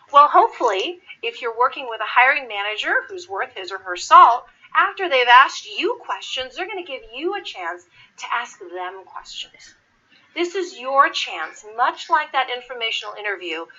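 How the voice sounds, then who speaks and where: A woman recruiter giving job interview advice to an audience, acting out quoted people. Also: fairly high pitch. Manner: animated, acts out quoted people. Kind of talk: lively talk to an audience. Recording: dull lo-fi recording.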